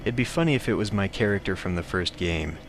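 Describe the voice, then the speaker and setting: A man's voice: low-pitched, expressive, fast, a little hiss or hum. Wry man commenting on a game. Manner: wry, offhand remarks. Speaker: let's play host.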